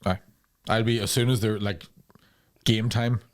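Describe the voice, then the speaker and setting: A man's voice: on the low side, fairly even intonation, measured pace. A Northern Irish man co-hosting a podcast, joking, swearing and riffing playfully. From Northern Ireland. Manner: jokey, swearing, playful bits. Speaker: podcast co-host. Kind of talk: casual chat.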